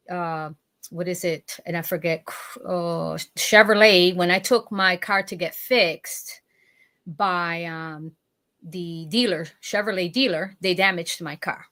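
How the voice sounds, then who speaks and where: A woman's voice: on the low side, measured pace, sharp tone. A woman guest in casual chat, rambling a little with many restarts.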